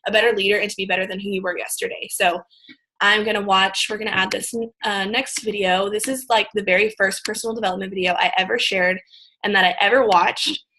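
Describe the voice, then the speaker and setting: A woman's voice: medium pitch, steady tone, fast talker, sharp tone, low-quality recording. Chatty woman vlogger. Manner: chatty, full of fillers like "like" and "um". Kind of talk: casual chat to viewers.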